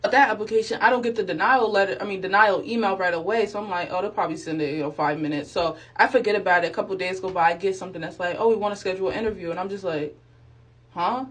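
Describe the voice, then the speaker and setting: A woman's voice: medium pitch, racing. A young woman vlogger telling a faith testimony in a casual, slangy way, acting out the people she quotes. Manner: animated, acts out quotes, slangy and expressive.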